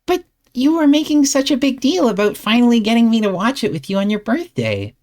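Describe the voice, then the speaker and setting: A woman voicing a cheerful, easygoing teenage girl who teases with upbeat disbelief. Her pitch leaps up and down a great deal. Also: big pitch swings, fairly quick, darkish tone. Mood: reasoning. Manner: upbeat, teasing and incredulous. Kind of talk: fan voice-acted comic reading.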